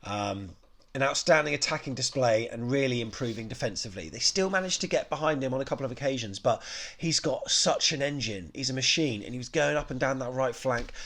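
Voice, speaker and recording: Fan channel guy rambling thru player ratings, lots of um and you know, middle-pitched voice. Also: expressive, fairly quick, a bit bright. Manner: rambling, many ums and you-knows, self-correcting. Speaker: football fan channel host. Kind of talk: casual match review and player ratings.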